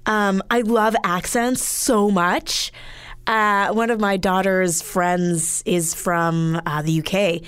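A woman's voice: mid-range voice, fairly even intonation, slow pace, a bit bright, clear, resonant tone, dry recording. A middle-aged woman from Canada hosting a casual podcast chat, laughing often and poking fun at herself. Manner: giggly, self-deprecating, laughs often. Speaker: podcast host.

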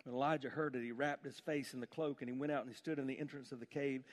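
A man's voice: medium pitch, fairly even intonation, fast. A man preaching an emphatic sermon full of rhetorical questions in a church. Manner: emphatic, rhetorical questions, dramatic shifts between loud and hushed. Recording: long hall reverb.

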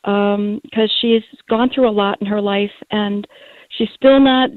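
A woman from Minnesota calling a radio show, telling her story in a steady, matter-of-fact way. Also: medium pitch, unhurried, dry recording. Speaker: radio caller. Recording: tinny phone line.

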